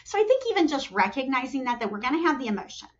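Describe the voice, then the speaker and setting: A middle-aged woman speaking as a podcast guest, telling stories animatedly and acting out quotes, with frequent restarts and "you know.". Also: racing. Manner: animated storyteller, acts out quotes with jumps in pitch. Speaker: talent development executive, podcast guest. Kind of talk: conversational interview. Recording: dull lo-fi podcast audio.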